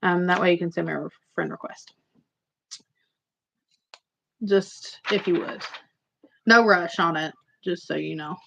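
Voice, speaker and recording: A woman's voice: on the low side, fairly even intonation, normal speed, gravelly, fairly bright tone, a little hiss or hum. A woman hosting a casual livestream, chatting and rambling to her viewers. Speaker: livestream host. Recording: slightly muffled lo-fi audio.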